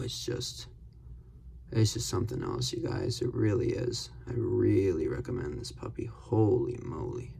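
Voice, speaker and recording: A man casually reviewing a pen on camera, rambling and excited, full of fillers and gushing exclamations. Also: lowish voice, vocal fry, slight background noise. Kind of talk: casual unscripted product review. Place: at a desk.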